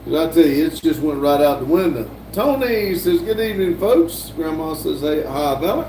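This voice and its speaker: A man's voice: a little high, animated, moderate pace. An older man, hosting a casual livestream, reading viewer chat aloud with many fillers and restarts. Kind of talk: casual live-stream chat. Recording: echoey room, voice from a distance, faint hum.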